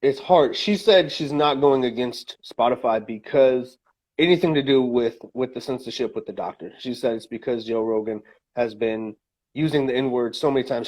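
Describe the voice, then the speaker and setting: A man's voice: medium pitch, fairly quick, darkish tone. Opinionated man rambling on a podcast. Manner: opinionated, rambling with many fillers and restarts. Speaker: podcast co-host. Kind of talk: casual opinion chat.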